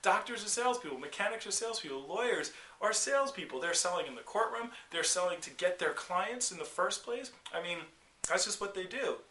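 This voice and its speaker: A man delivers a motivational sales lesson in a forceful, bright voice that sits a little high. He keeps asking "okay?" and "all right?" and acts out quick scenes with customers. The room around him is echoey. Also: a little hiss or hum. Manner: energetic, repetitive, frequent "okay?" and "all right?" check-ins. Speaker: sales trainer.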